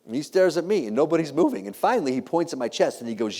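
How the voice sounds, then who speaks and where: A man in his thirties giving a humorous storytelling keynote, animated and self-deprecating, teasing the audience with questions. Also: fairly high pitch, quick pace, husky. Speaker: keynote speaker. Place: large hall. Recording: long reverb of a large hall.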